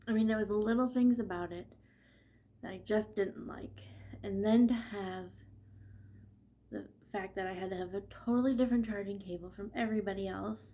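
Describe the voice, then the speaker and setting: A woman's voice: medium pitch, mellow. A woman vlogging casually about her knitting, chatty and laughing often, with a stuffy nose from allergies. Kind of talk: casual chat.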